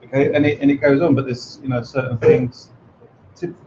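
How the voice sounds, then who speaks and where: A man talks through his ideas to a training group, thinking aloud and filling pauses. His voice sits in a middle pitch. The recording is dull, with faint noise behind him. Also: steady tone, a little mellow. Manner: thoughtful, many fillers. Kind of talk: explaining to a group.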